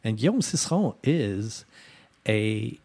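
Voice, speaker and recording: A man's voice: fairly low pitch, big pitch swings, takes it slowly, darkish tone, slightly rough. A man hosting a podcast, talking in an easygoing way with many filler words. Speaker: podcast host. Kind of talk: casual chat.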